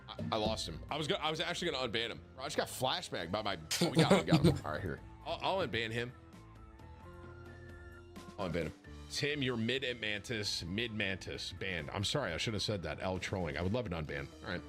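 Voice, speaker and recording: Bright, sharp-toned male streamer reading chat messages aloud with mocking commentary. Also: lowish voice, lively intonation, fast, soft background music. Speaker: game streamer.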